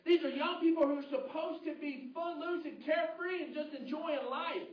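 A man preaching a sermon as pastor, telling a story with lively, shouted bursts. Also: very high-pitched, normal speed. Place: church hall. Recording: roomy, muffled, distant hall audio.

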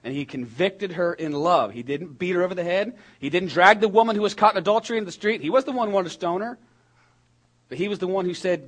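A man preaching a sermon in a conversational, animated way, with jokes and quick asides. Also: high voice. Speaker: pastor.

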